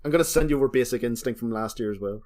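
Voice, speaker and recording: A man's voice: mid-range voice, rapid-fire, a little mellow. A man co-hosting a podcast, chatting casually and teasing playfully. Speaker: podcast co-host. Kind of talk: casual chat.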